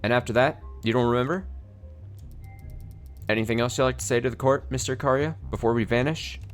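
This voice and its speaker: A man's voice: mid-range voice, fairly quick, pitched above the performer's own voice, natural voice. Man putting on a sly needling prosecutor, theatrical and mocking, faint music under.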